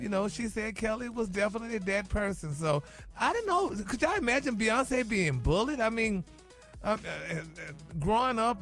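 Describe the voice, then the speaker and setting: A man's voice: high-pitched, creaky. A man delivering celebrity gossip on morning radio in a sassy, chatty way, tossing in "honey" and "y'all" all the time.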